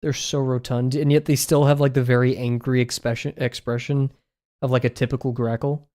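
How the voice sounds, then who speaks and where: A man's voice: medium pitch, level tone, a little fast, darkish tone. A young man streaming as he draws, chatting casually in a rambling, amused way and often correcting himself. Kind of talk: casual chat while drawing on stream.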